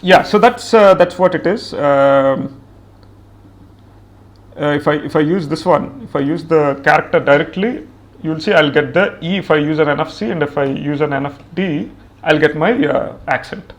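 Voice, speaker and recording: A man teaching a programming tutorial, explaining step by step and thinking aloud with frequent "uh" fillers as he works through code. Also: a little high. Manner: thinks aloud with many "uh" fillers and pauses while typing; explains step by step in a plain conversational way. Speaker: programming instructor. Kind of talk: screen-recorded coding tutorial.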